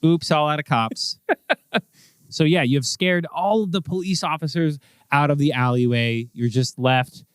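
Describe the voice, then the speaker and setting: A man's voice: a little high, moderate pace, clear, resonant tone, no room sound. A man narrating and explaining rules as game master in a casual tabletop game. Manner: casual, explanatory, laughs often.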